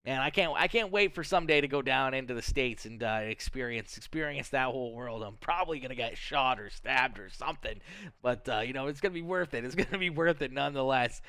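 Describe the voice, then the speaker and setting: A man's voice: medium pitch, expressive, fairly quick, bright, forceful tone, clear, resonant tone, dry recording. A young Canadian man hosting a sim racing broadcast, upbeat and chatty with lots of fillers. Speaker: race broadcaster. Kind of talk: sim racing commentary and interviews.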